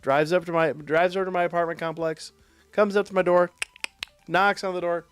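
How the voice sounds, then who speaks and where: A man streaming live, telling a profane, animated story in a casual way. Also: high-pitched, a little fast, clear, resonant tone, soft background music. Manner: profane, animated anecdote with quoted voices.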